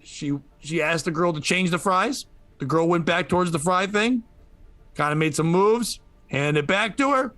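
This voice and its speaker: A man hosting a comedy podcast, retelling a news story with animated, profane storytelling. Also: high-pitched, moderate pace, no echo, soft background music. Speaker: podcast host.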